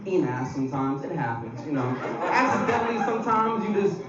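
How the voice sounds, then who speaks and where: Teasing the audience in a packed club, a young Atlanta comedian runs a crude live stand-up set. He speaks high and fairly quick, his pitch swinging widely. The live recording sounds distant, roomy and dull.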